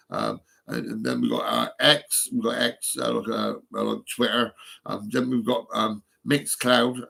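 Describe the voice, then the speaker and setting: A man's voice: medium pitch, creaky, fairly bright tone, husky. A man, talking live on a stream in a rambling way, swearing often, with many fillers and restarts. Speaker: livestreaming vlogger.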